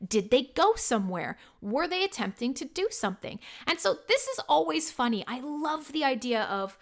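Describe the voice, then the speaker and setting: A young woman hosts a casual live stream, chatting with viewers, reading chat messages, and swearing as she goes. Her high-pitched voice is very animated, at normal speed with hardly any pauses. She's chatty, laughs a lot, and mocks herself.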